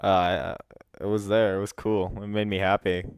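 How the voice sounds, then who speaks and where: A man's voice: low voice, flat delivery, moderate pace, clean tone, no echo, studio quality. A man playing in the match, answering interview questions casually and with some hesitation. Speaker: player being interviewed.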